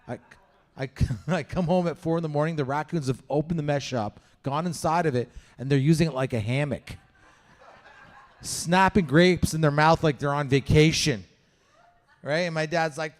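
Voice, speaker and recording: Stand-up comic, man from Canada, somewhat high voice, animated storyteller who swears and plays the other voices. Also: moderate pace. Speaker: stand-up comedian. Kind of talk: stand-up comedy set. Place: comedy show venue with live audience.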